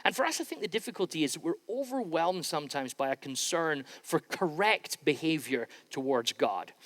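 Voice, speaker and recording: A man's voice: a little high, animated, moderate pace, a bit bright. A man preaching a sermon as pastor, in an informal, conversational way with frequent restarts. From Scotland. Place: church sanctuary. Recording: long reverb in a large church hall.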